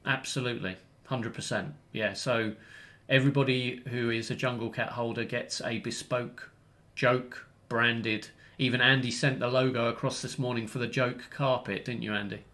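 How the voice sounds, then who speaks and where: A man's voice: medium pitch, steady tone, normal speed, sharp tone. A man hosting a casual online community update, rambling and correcting himself as he explains the steps.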